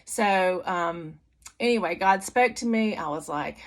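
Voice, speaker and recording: A woman's voice: fairly low pitch, a little slow. A middle-aged woman giving a personal church testimony, candid and conversational with many fillers and restarts. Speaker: testimony speaker.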